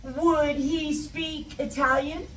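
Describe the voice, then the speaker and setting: Woman, english teacher, high voice, slow, chatty, echoey room, distant mic. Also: steady tone, a bit bright. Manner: chatty, goes off on tangents, repeats example questions. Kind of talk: live English lesson for Spanish speakers. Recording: static, echoey, mic far off.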